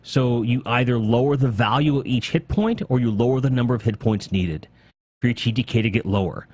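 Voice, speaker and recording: A man hosting a casual gaming podcast, talking excitedly in long rambling runs with casual swearing. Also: medium pitch, brisk, slightly rough. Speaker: podcast host.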